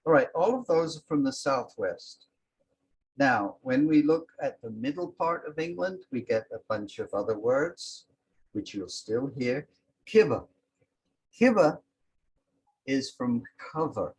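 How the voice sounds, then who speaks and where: A man teaching a language lesson, explaining words slowly and calling out each one with emphasis. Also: mid-range voice, expressive, husky, rough recording. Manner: slow and explanatory, sounding out each word with emphasis.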